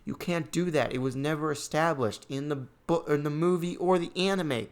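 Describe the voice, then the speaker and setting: A young man giving a ranting movie review, exasperated and sarcastic, his voice going a bit hoarse. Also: fairly high pitch, steady tone, moderate pace. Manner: exasperated, sarcastic, voice spikes when annoyed. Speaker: gaming channel host reviewing a movie.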